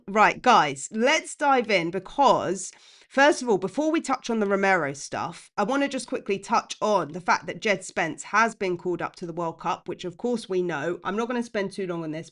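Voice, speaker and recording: A woman, hosting a live football fan stream, chatty and impassioned as she reads out the chat. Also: medium pitch. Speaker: fan channel host.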